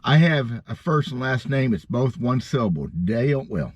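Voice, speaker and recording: Speaking at medium pitch with big swings and a breathy edge, a folksy middle-aged man from Missouri rambles through a story. He runs a bass fishing vlog and talks in a self-deprecating way, dragging out his emphasis. Sound quality is dull and lo-fi.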